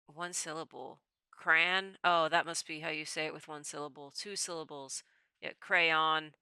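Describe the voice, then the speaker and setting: A woman's voice: sits low, fairly even intonation, a little fast, pushed and bright, clear, resonant tone, dry recording. A woman streamer chatting casually as she takes a quiz, thinking aloud, rambling and often correcting herself. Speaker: VTuber streamer. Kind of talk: casual chat while taking a quiz.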